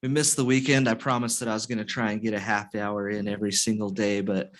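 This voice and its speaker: A man hosting a casual podcast, chatting in a relaxed, self-deprecating way with a friend. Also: lowish voice, quick pace. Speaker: podcast host.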